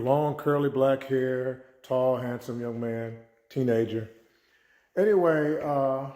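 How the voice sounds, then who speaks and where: A man's voice: medium pitch, dark tone, roomy sound. A man who is a teacher and mentor, telling a story as a life lesson and acting out the dialogue. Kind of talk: spoken life-lesson talk.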